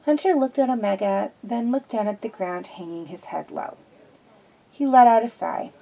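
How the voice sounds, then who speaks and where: A woman's voice: mid-range voice, normal speed, creaky, mellow, poor audio. A woman reading fan fiction aloud in an unpolished way, with restarts. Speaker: reader.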